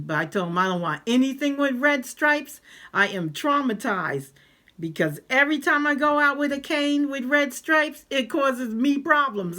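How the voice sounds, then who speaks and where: A woman with a somewhat high voice tells a personal story in a relaxed vlog. She is animated and acts out the voices of the people she quotes. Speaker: vlogger. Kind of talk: casual storytelling.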